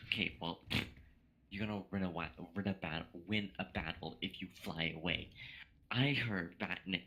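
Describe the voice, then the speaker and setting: Drunk young man rambling, deep bright voice. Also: low-quality recording. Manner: rambling, stammering storyteller. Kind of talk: casual chat among friends.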